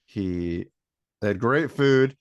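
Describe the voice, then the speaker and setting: Laid-back low-voiced man from Michigan. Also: animated, extremely slow, clear, resonant tone, no echo, dull audio. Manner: laid-back, chuckling, rambling. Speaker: band member guest. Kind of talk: casual interview chat.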